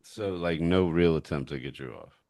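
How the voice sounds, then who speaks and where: A man with a very low voice hosts a casual podcast chat, cutting in with short, probing follow-up questions. He is recorded dry and close, with no room sound around him. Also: moderate pace, a little mellow, dry recording. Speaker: podcast host.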